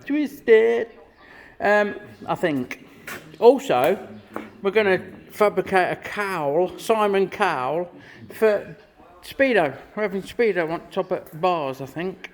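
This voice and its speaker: A man's voice: high-pitched, animated, slow. A man in his fifties, a custom motorcycle builder, giving rambling workshop build commentary and swearing freely as he works.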